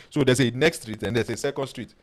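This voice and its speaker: A man, a life coach teaching a webinar and telling personal stories in an animated way. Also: medium pitch, a little fast, rough recording. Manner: animated storyteller who reads out viewer comments.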